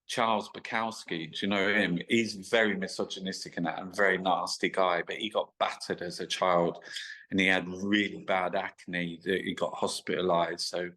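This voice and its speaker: A man's voice: deep voice, level tone, moderate pace, sharp tone, poor audio. A man, a guest telling rambling, sweary stop-start anecdotes in a casual interview. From England. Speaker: guest artist.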